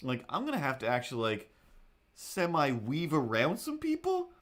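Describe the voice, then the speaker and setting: A man hosting a livestream who tells a story casually and animatedly, acting out his own thoughts and other people in a higher voice. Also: huge pitch swings, moderate pace, a bit bright. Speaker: livestream host. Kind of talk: casual storytelling while drawing.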